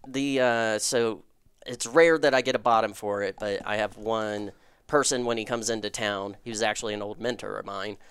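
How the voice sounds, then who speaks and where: Smooth-voiced candid male storyteller. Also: on the low side, steady tone, moderate pace, a bit bright, dry recording. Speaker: guest comedian. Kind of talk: casual podcast chat.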